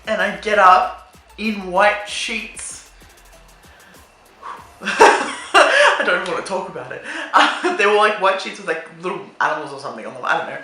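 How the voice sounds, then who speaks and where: A young woman tells a story to camera in a bright, forward voice. She laughs through her lines, swears freely, and leans hard on "like". The room is echoey and faint music runs under her. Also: mid-range voice. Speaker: vlogger. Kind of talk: casual storytime monologue.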